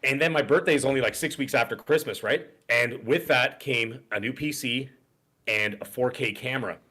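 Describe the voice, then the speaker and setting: Speaking into a desk podcast microphone, a middle-aged male co-host chats casually, rambling through stories and doing the voices of the people he quotes. His mid-range voice is bright and forceful, and he keeps a moderate pace.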